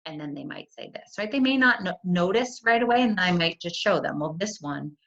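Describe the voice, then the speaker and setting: A woman's voice: lowish voice, expressive, brisk, vocal fry, a bit bright. A middle-aged woman, a school curriculum coordinator, talks parents through spelling strategies in a conversational way, often checking in with "right?". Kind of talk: friendly teaching walkthrough for parents. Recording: dull lo-fi computer audio.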